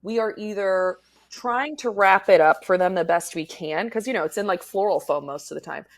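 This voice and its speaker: A woman's voice: mid-range voice, normal speed. Frank, chatty woman florist guest. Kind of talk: casual interview chat.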